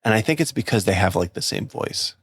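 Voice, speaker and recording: Brisk and animated, with a fairly low pitch and a breathy edge, this man co-hosts a podcast, rambling casually about a film with frequent fillers and restarts while acting out quotes. The recording is dry and cleanly studio-made.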